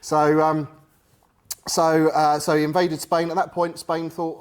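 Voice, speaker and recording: A man who explains history casually and playfully. He stops and restarts often, and his voice sits slightly high. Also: flat delivery, clean tone. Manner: halting, many restarts, playful storytelling. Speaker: wargaming hobbyist explaining history. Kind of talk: casual conversation.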